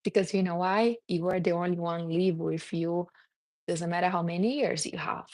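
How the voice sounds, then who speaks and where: A woman's voice: on the low side, normal speed. A woman speaking English as a second language, with a non-native accent, giving a casual motivational talk and calling her listeners honey. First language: not English. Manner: animated, calls listeners honey. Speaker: self-help speaker.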